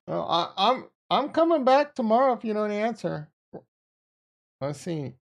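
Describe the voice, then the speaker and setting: A man hosting a casual livestream about trading, talking excitably and with profanity as he riffs with viewers. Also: sits high, slow, creaky. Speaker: livestream host.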